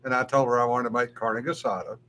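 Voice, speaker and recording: A man's voice: mid-range voice, little pitch movement, fast talker, fairly bright tone. Easygoing male storyteller, faint hum. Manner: easygoing storyteller, chuckles often. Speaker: podcast co-host. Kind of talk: casual chat.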